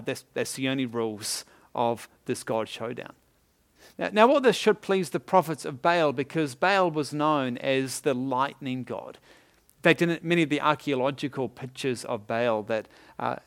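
A man preaching a sermon as a pastor, telling the story in a lively way with chuckles and asides. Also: medium pitch.

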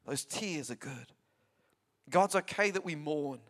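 A pastor preaching a sermon in a conversational, emphatic way, often repeating words and adding asides. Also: male voice, a little high, animated, unhurried.

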